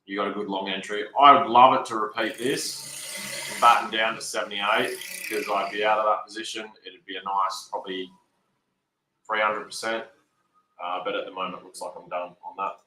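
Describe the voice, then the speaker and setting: A man's voice: on the low side, level tone, moderate pace, sharp tone, echoey room, slight background noise, low-quality recording. A man rambling through casual, unscripted market commentary as a trader, swearing a lot and sounding frustrated. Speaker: trader talking through his charts.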